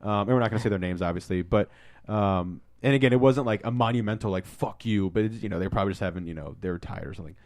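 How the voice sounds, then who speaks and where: A man co-hosting a podcast, telling stories in a casual, excitable way and swearing freely. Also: lowish voice, very fast. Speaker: podcast co-host. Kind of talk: casual storytelling.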